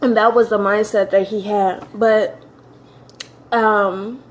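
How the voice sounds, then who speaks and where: A woman's voice: medium pitch, level tone, takes it slowly, slight background noise. A woman from California giving an earnest personal testimony, holding back tears and repeating phrases for emphasis.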